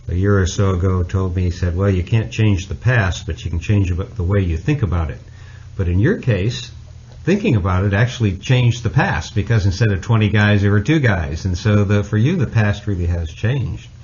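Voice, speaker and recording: A man hosts a podcast, thinking aloud in an easygoing, reflective way with frequent pauses. His voice sits very low. The sound is muffled and lo-fi. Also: darkish tone. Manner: easygoing, reflective, hesitant with many fillers. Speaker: podcast host. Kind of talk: casual podcast conversation.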